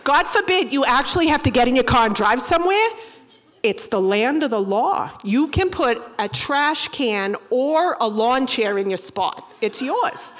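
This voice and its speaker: Brash, high-voiced woman. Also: unhurried. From Boston. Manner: brash, profane, animated. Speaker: stand-up comedian. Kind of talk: stand-up storytelling.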